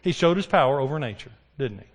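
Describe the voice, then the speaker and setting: A man's voice: mid-range voice, quick pace. A man preaching a sermon. He keeps putting questions to the congregation and answering them himself. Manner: animated, asks the congregation questions.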